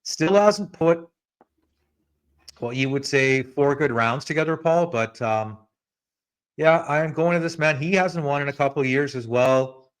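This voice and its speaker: A man hosting a podcast in a relaxed, chatty way, talking straight to his co-host. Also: on the high side, unhurried, smooth. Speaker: podcast host giving betting picks. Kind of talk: casual podcast chat.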